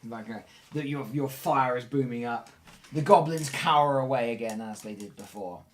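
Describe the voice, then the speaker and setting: A man narrating as dungeon master, describing the scene in a lively way and asking players for rolls. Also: mid-range voice, moderate pace, a little hiss or hum. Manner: lively, laughing storyteller. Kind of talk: narrating a tabletop game.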